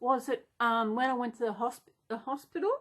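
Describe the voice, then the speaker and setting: A woman's voice: on the high side, steady tone, brisk, fairly bright tone. A woman chatting casually and unplanned in a vlog, rambling and gushing with gasps and restarts. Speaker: vlogger.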